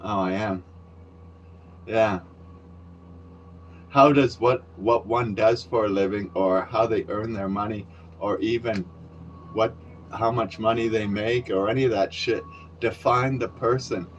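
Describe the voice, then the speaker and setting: A man's voice: fairly low pitch, steady tone, a little slow, long pauses, lo-fi sound, a little hiss or hum. A man vlogging outdoors near a construction site, rambling wryly and cursing freely into a handheld camera. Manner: profane, rambling and wry. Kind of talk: casual rambling monologue to camera.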